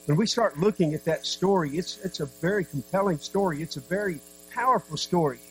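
Man, preacher, sermon, earnest, dramatic pauses, soft drops, faint hum. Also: high voice, rough recording.

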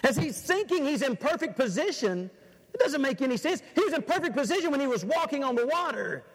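A high-voiced man preaching with a very lively, swinging delivery, dropping to a hush and then rising loud. His voice rings out in a large church hall with a long reverb. He asks the crowd question after question. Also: fairly quick. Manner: dramatic, swings from hushed to loud, rhetorical questions. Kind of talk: sermon.

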